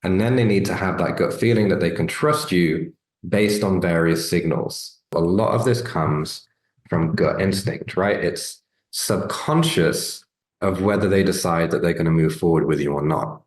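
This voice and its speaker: A man's voice: low voice, a little slow, reverberant. A man teaching sales skills in a casual, earnest talk, often checking in with "right?" and "okay?". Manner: conversational, repeated "right?" and "okay?" check-ins. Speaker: sales coach. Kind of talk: business training talk.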